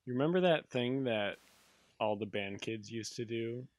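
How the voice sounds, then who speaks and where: A man's voice: mid-range voice, moderate pace, dry recording. A young man co-hosting a podcast in casual chat, giving short firm answers and arguing with plain logic. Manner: blunt, firm opinions, argues with simple logic. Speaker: podcast co-host.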